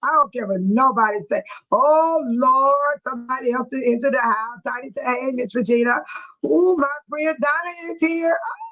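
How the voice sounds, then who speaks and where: A high-voiced middle-aged woman hosts a casual livestream. She keeps breaking into laughter and reads out viewer comments as she talks. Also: moderate pace, fairly bright tone, low-quality recording. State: laughing to tears. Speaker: livestream host.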